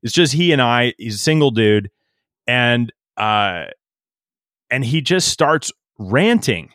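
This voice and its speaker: Animated storytelling man, dry sound. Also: medium pitch, slow pace, no echo. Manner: animated anecdote-teller, laughs often, quotes himself. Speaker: podcast guest. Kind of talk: casual storytelling.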